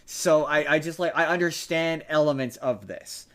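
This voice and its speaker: A man's voice: a little high, normal speed, fairly bright tone. A man hosting a casual podcast chat, chatty, teasing and rambling. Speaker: podcast host.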